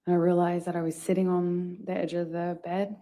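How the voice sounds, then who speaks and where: A woman giving courtroom testimony in a halting way, with many restarts and pauses. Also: fairly low pitch, little pitch movement, mellow. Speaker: witness testifying.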